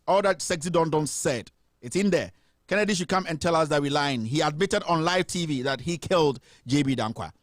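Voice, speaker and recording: A man with a Ghanaian accent hosts a live call-in commentary show, sarcastic and animated, and reads viewers' comments aloud. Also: on the high side, dry recording, clean studio sound. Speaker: host.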